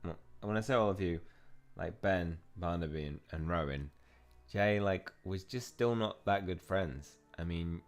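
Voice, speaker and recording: A man's voice: sits low, measured pace. A young man casually commenting on a mobile game as he plays, reading the characters' lines aloud and reacting to them. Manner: chatty, reads game dialogue aloud and reacts to it. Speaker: gaming channel host. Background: faint game music.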